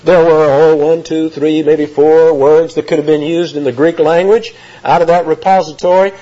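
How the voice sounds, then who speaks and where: A man preaching an expository sermon, emphatic and lively, reading scripture aloud and explaining the words. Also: a little high, normal speed, dull audio.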